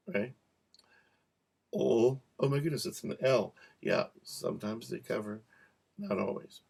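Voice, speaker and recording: A man teaching a cueing lesson, repeating practice words slowly and joking softly as he goes. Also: lowish voice. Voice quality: gravelly. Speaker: cueing instructor. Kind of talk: relaxed teaching to camera.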